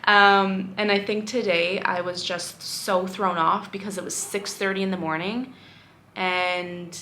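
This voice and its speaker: A woman's voice: on the low side, bright, forceful tone. Candid, rambling young woman vlogger. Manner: candid, rambling, self-reflective, with frequent fillers. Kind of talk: casual talking-head vlog.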